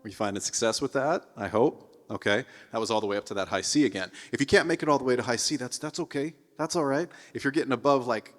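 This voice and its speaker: A man's voice: medium pitch, fast, a bit bright, in a large hall. A man teaching a singing lesson as a vocal coach, encouraging students and demonstrating sung exercises. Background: piano.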